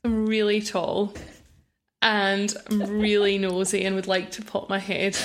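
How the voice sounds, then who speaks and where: Glaswegian woman, young, quick chatty podcast guest who laughs easily. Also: mid-range voice, completely flat delivery, a little hiss or hum. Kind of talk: casual chat.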